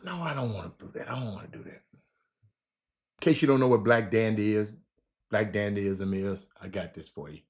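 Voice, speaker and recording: A man hosts a livestream of casual basketball talk, loose and animated, teasing his chat readers, repeating phrases and answering their messages. His voice is on the low side and moves at a moderate pace.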